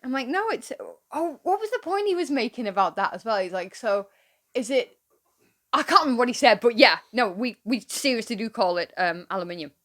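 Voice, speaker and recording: A British woman hosting a reaction video, chatty and quick to laugh and exclaim. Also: fairly high pitch, very animated, fairly bright tone. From Britain. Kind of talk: casual reaction commentary.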